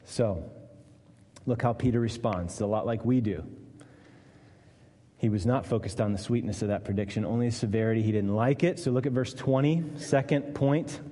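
A man preaching a sermon, earnest, dropping low and quiet for weight and rising to voice the people in his text. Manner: earnest, dips low and quiet for weight, lifts up to voice Jesus and Peter. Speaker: pastor. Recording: long reverb of a church hall.

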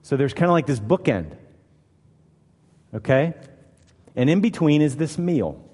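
A man's voice: fairly high pitch, sing-song, measured pace, dark tone, husky, long reverb tail. A man preaching a conversational, emphatic sermon, acting out the quoted lines as he reads. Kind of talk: expository sermon.

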